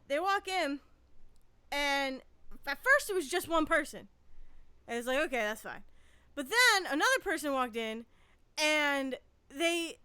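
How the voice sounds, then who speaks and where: A woman's voice: very high voice, sharp tone, no echo. A woman co-hosting a podcast, telling a long story in casual chat, rambling with restarts and frequent swearing. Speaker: podcast co-host.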